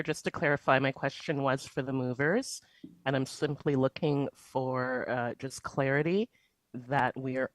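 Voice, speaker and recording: A woman's voice: rumbling low, dry recording, poor audio. A trustee at a formal school board meeting, carefully asking for clarification and restating her question. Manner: careful, repeats requests for clarity.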